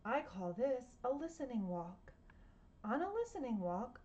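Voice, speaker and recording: A woman's voice: a little high, sing-song, a little slow, darkish tone, highs cut off. A woman reading a picture book aloud to children at home, playfully imitating sounds and asking her listeners questions. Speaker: storytime reader.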